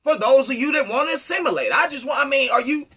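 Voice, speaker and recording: A man delivering an impassioned, preachy monologue, firing rhetorical questions at his listeners and swinging from loud to low. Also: expressive, fast. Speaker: speaker addressing his community.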